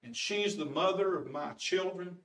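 Preacher putting on a shy old farmer, low quiet drawl, echoey church from far back. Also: male voice, moderate pace. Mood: wistful. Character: old male farmer, plainspoken and bashful.

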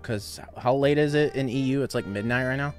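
Faint music plays behind a young man who chats casually on a live game stream, laughing often and reading out donations from viewers. His voice is medium-pitched and brisk.

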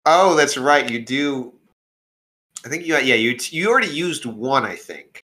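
A man's voice: medium pitch, very animated, a little slow, sharp tone, low-quality recording. Tipsy man running a tabletop game. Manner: loose, laughing, slightly drunk. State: a little drunk. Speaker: game master. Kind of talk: casual tabletop game narration.

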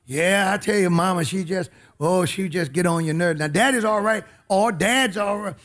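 A high-pitched man preaches a sermon at a moderate pace. He's emphatic, calling out to the congregation and swinging between shouted lines and quiet asides.

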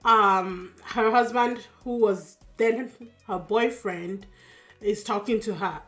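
A tired woman with a Yoruba accent, casually recapping a TV drama for her channel in a chatty, expressive way with lots of fillers. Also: medium pitch, takes it slowly, soft background music. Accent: Yoruba-accented English. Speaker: drama reaction YouTuber.

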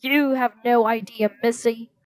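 A fussy middle-aged theater manager in a storybook reading, wailing and panicking with a high, strained voice, as a woman reader puts him on. The sound is close and dry. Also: expressive, a little slow, no room sound.

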